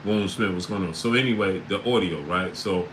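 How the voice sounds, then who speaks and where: A man hosting a casual sports livestream, reading out chat names and breaking into loud disbelief. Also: low-pitched, quick pace, background noise.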